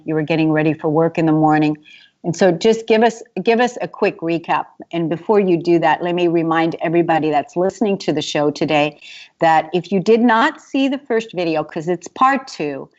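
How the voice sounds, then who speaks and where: A woman's voice: deep voice, moderate pace, darkish tone. A woman hosting a talk show interview who often repeats her words as she starts sentences. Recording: dull lo-fi recording.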